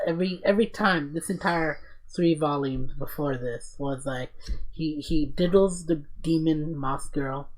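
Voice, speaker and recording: Excited profane man rambling on a podcast. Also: a little high. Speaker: podcast host. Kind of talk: casual podcast chat.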